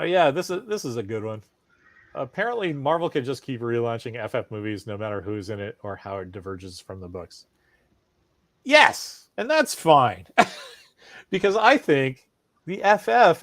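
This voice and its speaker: With no room sound, a middle-aged man of medium pitch and normal speed co-hosts a casual chat podcast. His storytelling is lively, full of swearing and quotes he acts out.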